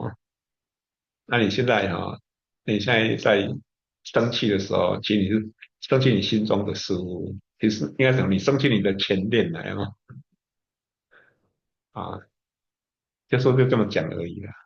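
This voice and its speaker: A man, a Buddhist monk, telling a teaching story in a relaxed, chatty way over a video call. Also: on the low side, vocal fry. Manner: relaxed, chatty, trailing particles. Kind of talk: dharma talk storytelling. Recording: dull lo-fi online call audio.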